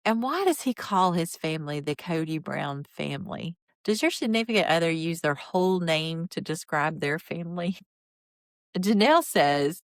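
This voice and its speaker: A woman podcaster gives sarcastic, opinionated commentary on a reality show, and her low-pitched voice bursts into exasperation. She rattles off quotes at a quick clip. The sound is dry and close, with no room echo. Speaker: podcast host.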